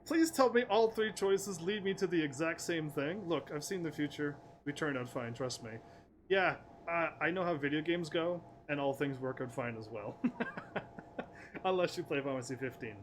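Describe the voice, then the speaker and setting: A man's voice: on the high side, moderate pace, a little hiss or hum. A man casually commentating while playing a game, reading the dialogue aloud, often laughing and playful. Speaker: gaming streamer. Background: game music.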